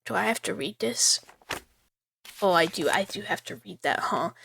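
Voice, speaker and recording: A woman's voice: medium pitch, lively intonation, normal speed, gravelly, a bit bright, a little hiss or hum. Giggly woman streaming a horror game. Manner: chatty, giggly, lots of asides. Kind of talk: live horror game commentary.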